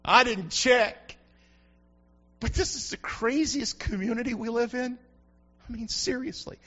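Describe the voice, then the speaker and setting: A male pastor preaching an emphatic sermon that builds to shouts, recorded on a dull lo-fi recording. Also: very high-pitched, measured pace, long pauses. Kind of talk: fiery sermon.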